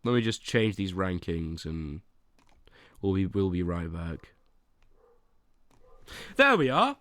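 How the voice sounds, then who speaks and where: A man's voice: low voice, sing-song, slow, fairly bright tone, no echo. A young man on a casual livestream who talks to his chat, swinging between playful mock outrage and fumbling apologies. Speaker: livestreamer ranking teas.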